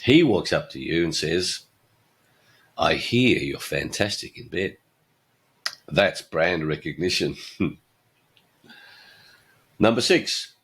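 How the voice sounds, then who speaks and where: An older man hosting his own podcast, telling jokes and giving blunt opinions with a chuckle. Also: low-pitched. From Australia. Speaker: podcast host.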